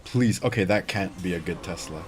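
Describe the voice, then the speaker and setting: A man's voice: sits low, moderate pace, slight background noise. A young man livestreaming a mobile game, chatting casually, reading chat and reacting to plays.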